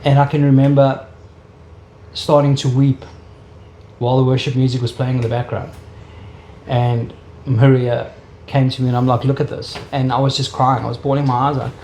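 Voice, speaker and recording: A man's voice: medium pitch, level tone, normal speed, pauses often, dark tone. South African man, earnest faith testimony, roomy echo, faint hiss. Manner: earnest, emotional storytelling. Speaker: interviewee. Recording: echoey room with faint ambient noise.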